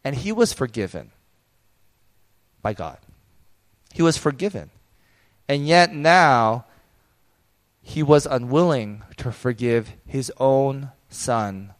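A pastor in his thirties preaching a sermon in a candid, conversational way, telling personal stories. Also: mid-range voice.

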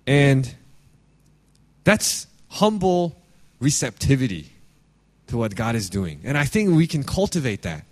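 A man's voice: mid-range voice, sing-song, a little slow, pauses often. A man giving an earnest, conversational sermon as pastor, reading scripture and restarting his phrases often.

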